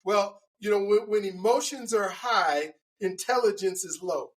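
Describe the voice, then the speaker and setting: A man with a high voice tells a personal story as a podcast guest. He talks in an animated way, stumbling through fillers and restarts. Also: a little slow, poor audio. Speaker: guest speaker. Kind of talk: storytelling interview answers.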